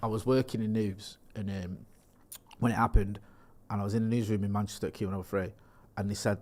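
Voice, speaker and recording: A man's voice: lowish voice, quick pace, darkish tone. A man co-hosting a podcast, chatting casually in a rambling, jokey way and reading news reports aloud. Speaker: podcast co-host. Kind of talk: casual chat.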